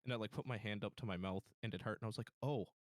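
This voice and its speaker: A young man telling a story in a casual podcast chat, halting with many fillers and restarts. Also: on the low side, fairly even intonation, dry recording, studio quality. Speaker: podcast guest.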